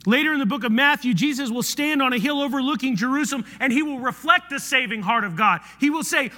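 A bright, high-voiced man preaching with lively, wide-ranging inflection. He moves from loud emphasis to hushed, near-whispered lines. The sound carries the long reverb of a hall. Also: quick pace, hardly any pauses. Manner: animated, swings from loud to hushed. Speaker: pastor. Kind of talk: sermon.

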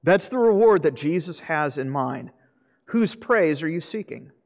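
A man's voice: on the high side, animated, measured pace, gravelly. Man preaching in a reverberant hall. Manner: earnest preaching with rhetorical questions. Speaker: pastor. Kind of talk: sermon.

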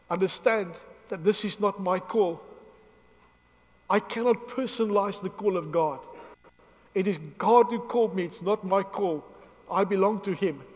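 A man preaching a sermon in an earnest, halting way, often restarting his sentences, and emotional as he speaks. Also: sits high, a little mellow, big-room sound.

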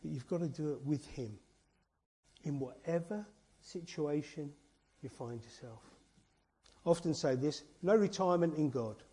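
A man's voice: fairly high pitch, normal speed, dark tone, slightly rough. A man preaching an informal sermon as a church elder, earnest and chatty, full of rhetorical questions and asides.

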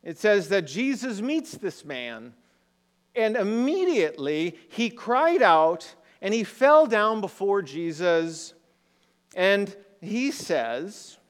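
A man's voice: high voice, sing-song, slow pace. A man preaching a sermon in a conversational way, often asking the congregation rhetorical questions. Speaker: pastor. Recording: long hall reverb.

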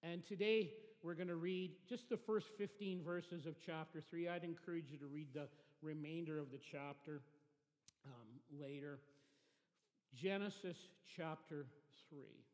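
Man, pastor, sermon, conversational, reflective, fairly high voice, long church reverb. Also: steady tone, moderate pace, a little mellow.

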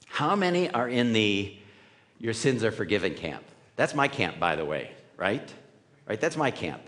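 A man's voice: medium pitch, sing-song, normal speed, fairly bright tone. A man preaching a sermon in a conversational way, often checking in with the room with "right?". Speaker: pastor. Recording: reverberant hall.

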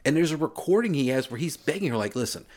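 A man co-hosting a podcast in casual chat, ranting in an animated, incredulous way. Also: fairly high pitch, fast talker. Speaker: podcast co-host.

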